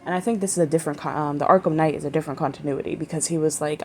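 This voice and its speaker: A woman's voice: low-pitched, steady tone, very fast, hardly any pauses, soft background music. A woman chatting casually in a vlog, rambling and swearing freely and trailing off mid-sentence. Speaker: vlogger.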